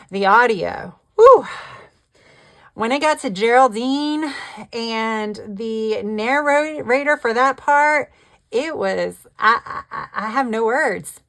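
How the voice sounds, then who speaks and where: A woman's voice: on the high side, a bit bright. A woman chatting casually about her reading, laughing often and trailing off mid-thought. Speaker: book vlogger. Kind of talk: casual chat.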